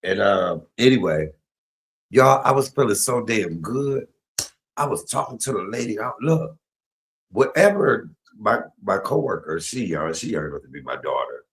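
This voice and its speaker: A man's voice: on the low side, expressive, normal speed, poor audio. A middle-aged man, telling stories on a home cooking livestream, chatty and laughing. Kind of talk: casual storytelling while cooking.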